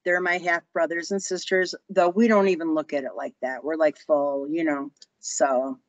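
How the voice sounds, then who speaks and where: A woman's voice: low-pitched, normal speed, no room sound, poor audio. A woman in her sixties, a guest telling personal stories in an interview and acting out the voices of people she quotes. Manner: animated, acts out quoted voices. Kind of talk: storytelling interview.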